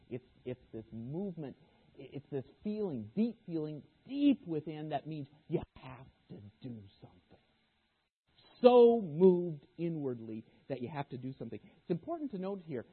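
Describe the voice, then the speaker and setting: A man preaching a sermon as guest speaker, animated, sometimes voicing the disciples' objections. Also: on the high side, husky. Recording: tinny phone-like sermon recording.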